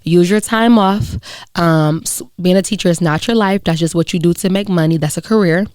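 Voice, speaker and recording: Solo podcast host, young adult woman, smooth lower-pitched voice, dry close sound, earnest and encouraging. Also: moderate pace, a little mellow, no room sound. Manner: earnest, encouraging, conversational with many fillers. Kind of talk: reflective solo podcast talk.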